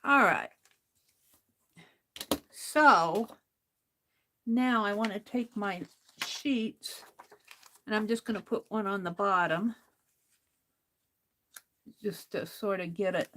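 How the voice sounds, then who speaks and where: A woman talks her viewers through a craft project in a relaxed, unhurried way. She often mutters to herself as she works, hunting for tools and fixing small slips. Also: medium pitch, slight background noise. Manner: slow, chatty, talks to herself while working. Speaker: craft livestream host. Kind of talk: casual crafting livestream talk.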